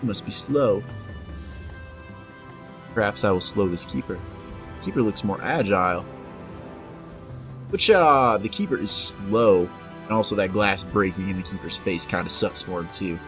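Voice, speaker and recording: Here a gameplay commentator with a low voice and lively intonation narrates at a moderate pace as he plays. It's casual let's-play talk: he playfully addresses the enemies and reads out the game's messages, with faint music behind him.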